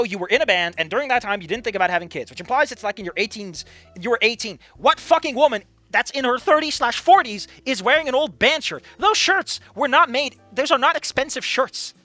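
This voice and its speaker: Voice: sits high, pushed and bright, no echo. A streamer giving sarcastic, incredulous commentary on a visual novel and swearing freely. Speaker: let's play streamer.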